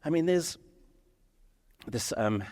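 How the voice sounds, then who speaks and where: A male pastor preaching a sermon, animated, acting out the lines of the people in his story. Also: fairly high pitch, takes it slowly. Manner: animated, acts out dialogue in quoted voices. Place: church sanctuary. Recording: reverberant church hall.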